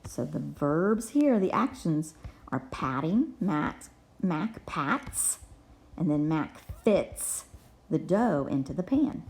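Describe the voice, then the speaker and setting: Brief: woman teacher for a kids' reading lesson, mellow tone, spells words out letter by letter. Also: sits low, very animated, takes it slowly. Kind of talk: reading lesson for young children.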